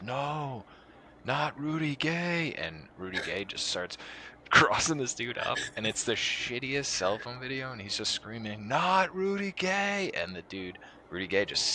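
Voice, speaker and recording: Man, very deep voice, bright tone, lively delivery, casual sports chat. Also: a little hiss or hum. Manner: animated, breaks into laughter, loud voice impressions. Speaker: podcast co-host.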